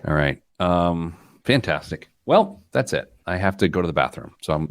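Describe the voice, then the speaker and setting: A man hosting a money podcast in casual chat, joking and animated. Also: low voice, a little hiss or hum. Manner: joking, animated, quick asides. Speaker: podcast host.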